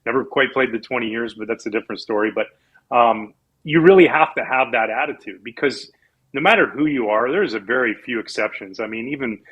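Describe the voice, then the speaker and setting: Husky ex-athlete telling stories. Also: male voice, mid-range voice, fairly quick, muffled recording. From Canada. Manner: animated storyteller, acts out quoted people. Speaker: former pro athlete guest. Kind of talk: casual storytelling interview.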